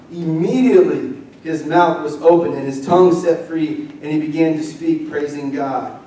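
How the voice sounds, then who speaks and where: A young man preaching a lively, conversational sermon as pastor, leading the congregation in call-and-response. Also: fairly high pitch, moderate pace, a little hiss or hum. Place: church sanctuary. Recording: roomy distant church mic.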